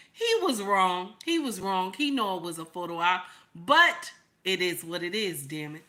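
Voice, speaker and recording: Bright-voiced emphatic woman host. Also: medium pitch. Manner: emphatic, repeats points, greets chat by name. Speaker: channel host. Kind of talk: casual commentary livestream.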